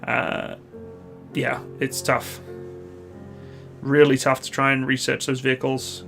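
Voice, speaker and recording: A Canadian man, likely in his thirties, hosting a live stream, reading viewer questions and answering in a relaxed, rambling way with many pauses. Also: medium pitch, creaky, over music. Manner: relaxed, chatty, hesitant with many uhs.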